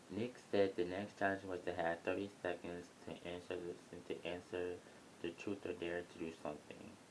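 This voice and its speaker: A young man with a very low voice talks through a reality show in a loose, rambling way, blunt and chatty. He records at home, and a faint rumble of planes passing overhead hums behind him. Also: little pitch movement, unhurried, long pauses, rough recording. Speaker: YouTuber reviewing a reality show. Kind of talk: casual review vlog. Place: home near an airport, airplane noise.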